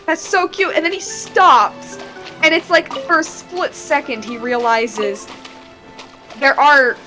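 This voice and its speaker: Soft background music plays as a woman streamer talks slowly about a game in a high voice with a bright, forceful tone. She's casual and candid, rambling along with plenty of "like."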